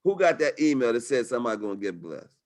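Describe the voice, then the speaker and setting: A man's voice: medium pitch, big pitch swings, fast. A man hosting a live webinar over a video call, talking in an upbeat, slangy, hyped-up way. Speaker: webinar host. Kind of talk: live webinar sales talk.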